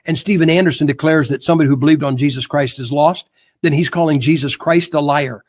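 A man speaking as a guest on a religious talk show, combative and mocking, with a husky voice. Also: fairly high pitch, fast talker. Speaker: guest preacher.

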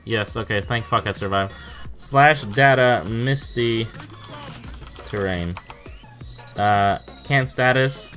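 This gaming YouTuber is a young man with a fairly low, fairly bright voice, commenting casually and profanely on an online game he is playing live. He takes it slowly with long pauses, swears often, stammers in bursts, and exclaims in disbelief, with soft music in the background.

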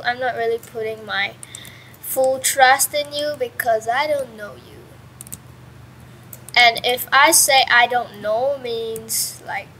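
A young woman casually commentating her own game at home, chatty and excitable, with sudden yelps and mild swearing. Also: fairly high pitch, slight background noise, poor audio. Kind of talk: casual let's-play commentary. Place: at home with a pet dog nearby.

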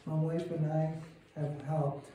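A man's voice: a little high, little pitch movement, slow pace, dark tone, slight background noise. Male lay preacher, emphatic, rising fervor; mic far off in a reverberant sanctuary. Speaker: church speaker. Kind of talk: sermon. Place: church sanctuary. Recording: echoey church room heard from a distance.

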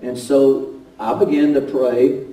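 Pastor in a roomy church, warm-voiced. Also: male voice, medium pitch, slow. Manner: animated, rising to shouts then dropping to hushed storytelling. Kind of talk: sermon storytelling. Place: church sanctuary. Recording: roomy church sound from a distance.

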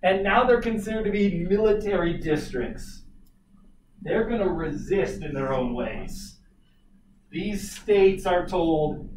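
Animated history teacher in an echoey classroom. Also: male voice, high-pitched, slow, pauses often. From Colorado. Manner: animated, jokey asides to students. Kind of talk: classroom lecture with storytelling. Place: classroom, recorded from afar. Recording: echoey room, distant mic, noisy.

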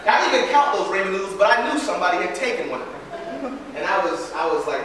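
A young man preaching a sermon as pastor, telling a story in a lively, halting way with many restarts, in a church hall. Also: sits high, noisy background. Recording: echoey hall, far from mic.

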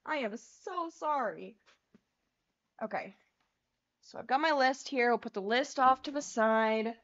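A woman's voice: fairly high pitch, unhurried, long pauses, a bit bright. Flustered young woman livestreaming, lo-fi. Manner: flustered, laughing, swearing at tech trouble. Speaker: livestream host. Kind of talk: casual livestream chat. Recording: lo-fi stream audio.

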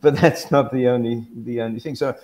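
A man's voice: medium pitch, fairly even intonation, a little fast, darkish tone, a little hiss or hum, rough recording. A man in a conversational academic discussion, thinking aloud as he explains his views on language teaching.

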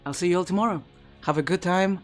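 Speaking fast in a high register, a Twitch streamer narrates his live game over soft background music. His chatter is loose and meandering, full of restarted sentences, captured on his personal streaming mic.

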